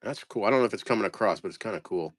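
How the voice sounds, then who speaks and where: A man's voice: on the low side, expressive, racing, dry recording, clean studio sound. A man casually talking through a lot of postcards, muttering place names one by one and trailing off. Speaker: postcard reseller. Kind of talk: casual commentary sorting postcard lots.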